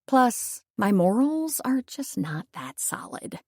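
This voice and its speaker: A woman's voice: on the high side, big pitch swings, slow pace, darkish tone, no room sound, clean studio sound. A young woman reading a first-person audiobook, telling the story in a wry, conversational way. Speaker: audiobook narrator.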